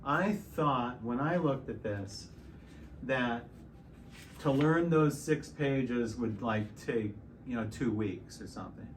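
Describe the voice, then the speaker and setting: A middle-aged man teaching piano in a relaxed, explanatory way, stopping and restarting often. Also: medium pitch, slow, slight background noise. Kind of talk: casual piano tutorial. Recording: piano loud in the background.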